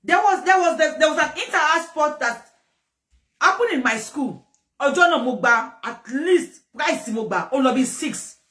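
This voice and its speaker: A woman with a Nigerian accent giving lively, rambling commentary, often repeating herself. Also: high voice, moderate pace. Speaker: commentator host. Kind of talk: casual commentary mixing English and Yoruba. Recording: distant echoey room.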